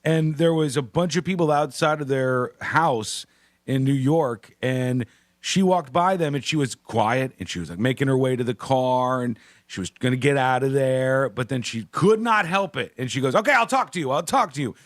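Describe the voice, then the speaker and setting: A man's voice: medium pitch, normal speed, no room sound, studio quality. A man hosting a radio talk show, telling a celebrity story in a mocking, exasperated way and laughing along. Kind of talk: animated radio chat about celebrity news. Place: radio studio.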